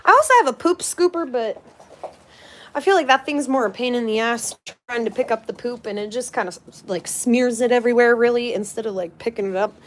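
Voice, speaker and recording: A woman's voice: fairly high pitch, fairly quick, slight background noise. Chatty young woman livestreaming a dog walk. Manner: chatty, talks baby talk to her dog. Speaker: livestream host. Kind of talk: casual livestream chat while walking a dog. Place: outdoors, walking around a residential complex.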